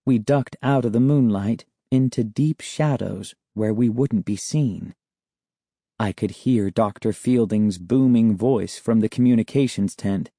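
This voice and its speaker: A man narrating a children's novel in a slow, measured storytelling manner. His voice is mellow and warm, recorded close and dry with no room sound. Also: on the low side, dry recording. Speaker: audiobook narrator. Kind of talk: scripted narration.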